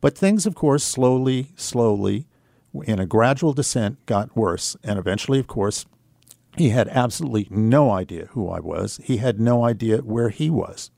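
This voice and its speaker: A man speaking as a guest on a radio show, telling a personal story in an earnest, reflective way, unhurried and with fillers. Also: medium pitch, expressive, vocal fry, dark tone, no echo, studio quality.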